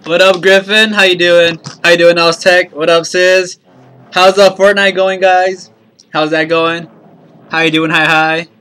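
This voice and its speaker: A man hosting a game stream, chatting loosely and upbeat with his viewers. His voice sits a touch high and sounds bright and forward. He talks in easy slang. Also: level tone, a little slow, smooth. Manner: upbeat, greets chat by name, slangy. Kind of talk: casual live-stream chat.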